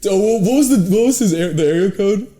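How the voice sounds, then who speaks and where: Animated young man telling stories. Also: high-pitched, fast talker, a loud crowd. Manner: animated storyteller, swears often, acts out quotes. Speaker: podcast host. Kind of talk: casual chat.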